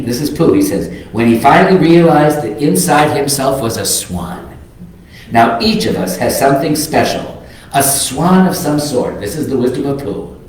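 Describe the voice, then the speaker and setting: A man's voice: medium pitch, darkish tone. An older man giving a reflective, earnest sermon as a minister, reading quotes aloud. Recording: very echoey sanctuary.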